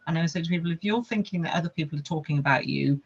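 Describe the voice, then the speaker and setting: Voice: mid-range voice, racing, gravelly, breathy edge, dull audio. A podcast guest, telling a personal story in an earnest way and listing things with lots of repetition.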